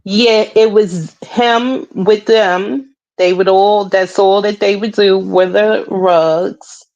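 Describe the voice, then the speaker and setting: A woman joining a livestream as a guest, chatting casually and pausing to recall names. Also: mid-range voice, fairly even intonation, a little mellow, muffled recording. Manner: unhurried, searching for names. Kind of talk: casual chat.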